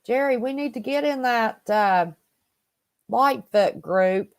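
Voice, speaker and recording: A woman's voice: fairly high pitch, slow pace, no echo. A woman hosting a casual livestream, chatting and greeting viewers by name. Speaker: host. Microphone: home computer mic on wired connection.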